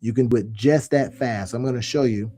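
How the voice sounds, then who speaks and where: Talking fairly quickly in a medium-pitched voice, a man walks viewers through online business in a live screen-share. He's animated and folksy, addressing everyone as y'all.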